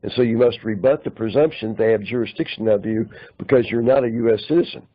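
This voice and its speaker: A man calling in and lecturing on legal points, citing articles and clauses in a measured way. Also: lowish voice. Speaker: caller. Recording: muffled lo-fi call audio.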